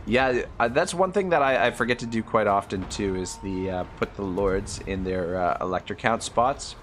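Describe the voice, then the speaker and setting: An easygoing man with an East Coast Canadian accent chats through his game on a live stream, chuckling as he reads out viewer comments. His voice sits fairly low, with faint noise behind it. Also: normal speed, a bit bright.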